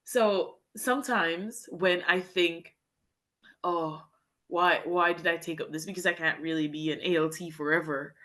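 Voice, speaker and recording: This guest, a young Jamaican woman, tells a personal podcast story about teaching English in Japan, earnestly and from the heart. Her voice is on the low side and a bit bright, with fairly even intonation and a slightly slow delivery. Her sentences run long and wind around.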